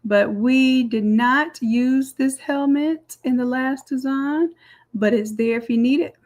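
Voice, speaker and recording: A woman walking through a design software tutorial step by step in a chatty, explaining way. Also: high voice, takes it slowly. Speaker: design instructor. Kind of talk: screen-recorded software tutorial.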